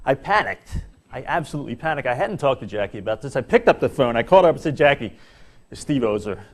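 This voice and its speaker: A middle-aged man gives a comic speech to a large employee audience, telling stories with animated, self-mocking delivery and dramatic pauses. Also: mid-range voice. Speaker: corporate speaker at an employee seminar. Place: large hall before an audience.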